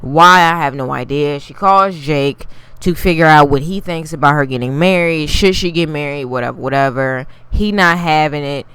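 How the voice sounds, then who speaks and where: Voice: medium pitch, moderate pace, sharp tone, clean tone, no echo. A TV recap reviewer giving a casual, blunt, profane take and talking straight to the viewers. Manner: addresses viewers directly.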